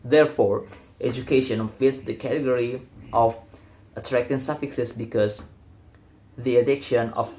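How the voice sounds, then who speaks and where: A young man, a student, reads a prepared class presentation from a script at a steady pace, with the odd restart. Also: medium pitch, moderate pace, pauses often.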